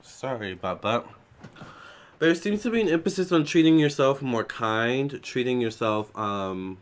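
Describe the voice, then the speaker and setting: A man's voice: medium pitch, animated, measured pace. Chatty man doing a tarot reading. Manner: chatty, loose, with many fillers and restarts; prays softly. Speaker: tarot reader. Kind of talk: casual psychic tarot reading.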